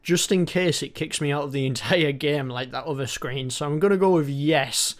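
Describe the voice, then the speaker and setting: A man giving sarcastic, sweary let's-play commentary on an old game, with deadpan asides. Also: on the high side, moderate pace. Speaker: gaming channel host.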